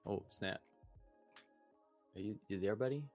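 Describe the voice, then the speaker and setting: A man with a very low, gravelly voice talks in loose, rambling podcast chat. He swears freely and laughs often. Soft music plays faintly underneath. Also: unhurried. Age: adult, a parent. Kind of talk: casual podcast chat between friends.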